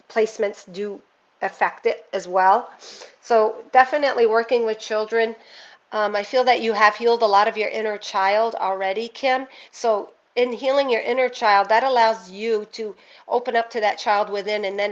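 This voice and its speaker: A woman's voice: on the high side, lo-fi sound. A woman giving a casual, earnest spiritual card reading, talking straight to one viewer in an intuitive way.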